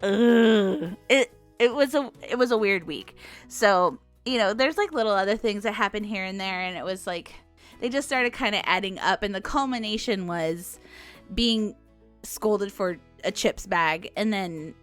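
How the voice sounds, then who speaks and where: A woman hosting a podcast, telling stories in a chatty, animated way and laughing often. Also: mid-range voice, normal speed, faint music behind. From United States. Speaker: podcast host. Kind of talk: casual storytelling monologue.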